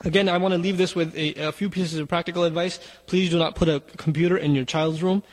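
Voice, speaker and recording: A man's voice: fairly high pitch, steady tone, fast talker, big-room sound. A man giving an urgent sermon to parents, exhorting them directly. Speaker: Muslim speaker.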